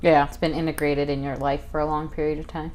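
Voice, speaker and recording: A woman's voice: low voice, flat delivery, quick pace, a little mellow. A woman co-hosting a podcast in casual chat, making wry, teasing asides. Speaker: podcast co-host.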